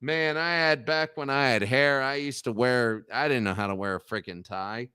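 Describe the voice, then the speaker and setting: A man from Appalachia hosting a show, telling rambling, profane stories and loudly acting out the people he quotes. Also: medium pitch, moderate pace, clean tone, no room sound, clean studio sound. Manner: digressive, profane, acts out quoted voices loudly. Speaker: show host. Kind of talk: rambling storytelling.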